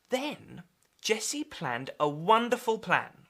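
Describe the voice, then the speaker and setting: A woman presenter reading a storybook aloud to children, expressive and emphatic. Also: medium pitch, slow pace.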